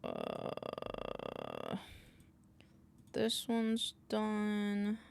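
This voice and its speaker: A woman's voice: mid-range voice, wildly swooping pitch, drawn-out words, creaky, clean tone. An American woman streaming and chatting playfully with viewers while she works. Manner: playful, reacting to chat with loud outbursts and laughs. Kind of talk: casual chat with viewers while working. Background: keyboard typing and clicking.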